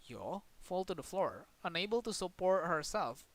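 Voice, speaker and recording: A game streamer, reading a story game's text aloud in a dramatic way, with sudden loud outbursts. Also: medium pitch, lively intonation, moderate pace, no room sound, poor audio. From Indonesia.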